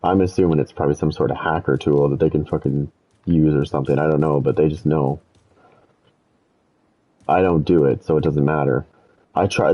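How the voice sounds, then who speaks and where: Low-voiced man ranting over gameplay. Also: highs cut off. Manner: rambling, animated when quoting himself, swears freely. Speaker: gaming streamer. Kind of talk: casual storytelling over gameplay.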